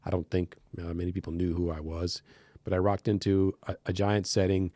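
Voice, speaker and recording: An American man with a deep, low-pitched voice chats as a guest in a podcast studio. He tells stories animatedly and slips into quoted voices as he goes. The sound is dry and close, with no room around it. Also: flat delivery, brisk, warm tone, no echo. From United States. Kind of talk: casual interview chat.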